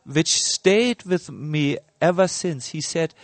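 Middle-aged male spiritual teacher, slow and halting storyteller, slightly high voice, dry close sound. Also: dry recording. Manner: slow, halting, many fillers and restarts. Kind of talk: sermon with personal story.

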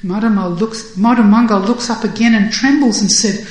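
A woman narrating a devotional story in a slow, deliberate way. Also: mid-range voice, reverberant, rough recording.

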